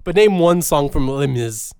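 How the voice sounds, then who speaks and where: A man's voice: fairly high pitch, expressive, moderate pace, mellow, clean tone, no room sound. A young man co-hosting a movie podcast, ranting and joking with lots of swearing. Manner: profane, rambling, mock-ranting. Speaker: podcast co-host. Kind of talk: casual comedic chat.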